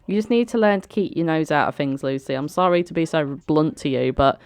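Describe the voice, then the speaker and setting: A woman voicing a fed-up, blunt middle-aged father who then softens into apologizing. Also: deep voice, brisk, smooth, no echo. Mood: irritated.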